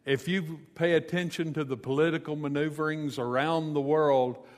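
A man's voice: fairly high pitch, steady tone, normal speed, long reverb tail. A man preaching a sermon, retelling a scripture story in a conversational way with casual asides. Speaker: pastor.

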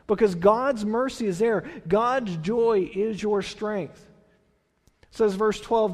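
A man's voice: high-pitched, darkish tone, big-room sound. A man, a pastor, preaching a conversational sermon, reading scripture and then explaining it with restarts and questions to the congregation. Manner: restarts and repeats words, asks the congregation questions.

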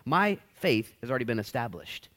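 A man's voice: medium pitch, very animated, brisk, fairly bright tone. A man in his thirties, a pastor preaching a sermon, who acts out the voices of people in the stories he tells.

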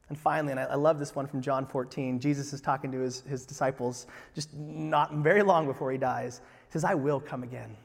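Male pastor, sermon delivery, lively emphatic peaks, fairly high voice, long hall reverb. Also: brisk, creaky. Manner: animated, rising to emphatic peaks.

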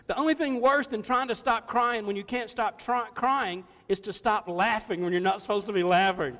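Older male pastor, high voice, chatty and jokey delivery, echoing church hall. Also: moderate pace, few pauses, sharp tone. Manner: conversational, jokey, laughs often. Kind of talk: sermon.

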